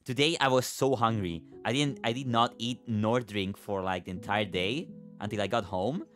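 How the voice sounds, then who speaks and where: A man's voice: on the low side, moderate pace, a bit bright, faint music behind. A young man streaming, chatting casually with viewers, thanking them, giggling and swearing now and then.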